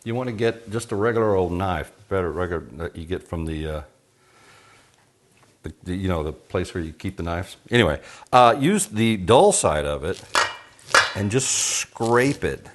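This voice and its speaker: A man's voice: low-pitched, sing-song, measured pace, a little hiss or hum, rough recording. A man from Texas cooking in his home kitchen, chatting in a folksy, joking way as he demonstrates a recipe. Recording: bacon sizzling and frying in the kitchen.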